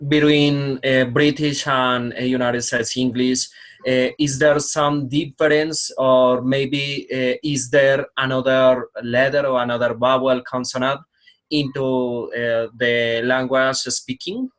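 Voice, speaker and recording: A man's voice: medium pitch, little pitch movement, slow pace, a bit bright. A man asking his teacher a question in class, hesitant and full of fillers. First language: Spanish. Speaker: student.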